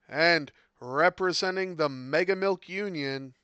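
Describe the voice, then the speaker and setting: A tired man commentating a tabletop game on his stream, talking in a relaxed, rambling way with frequent fillers. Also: medium pitch, slow, lo-fi sound, over loud music.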